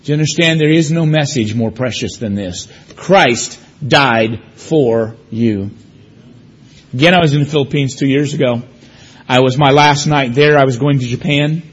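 A man's voice: mid-range voice, normal speed, breathy edge, lo-fi sound. A man preaching a sermon, telling personal stories with emphatic, varied delivery. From United States.

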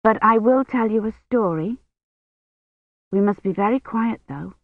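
A woman voicing a firm, caring young woman who speaks sternly and gently. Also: mid-range voice, measured pace, no room sound. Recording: tinny phone-like line.

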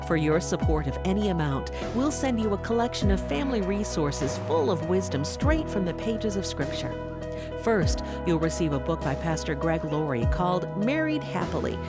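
A woman announcer reading a scripted promo in a polished, expressive way. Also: medium pitch. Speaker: radio announcer. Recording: studio voice-over with loud music bed.

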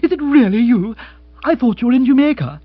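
A man voicing a brisk, practical young woman, lifting his voice high and lively. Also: dry recording, faint music behind. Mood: warm, teasing. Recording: dry, slightly dull audiobook.

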